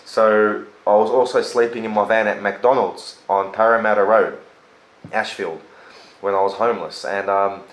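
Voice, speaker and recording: A man's voice: lowish voice, fairly even intonation, moderate pace. Earnest man in an echoey room. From Australia. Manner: earnest, storytelling, emphatic. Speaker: host. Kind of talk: casual chat.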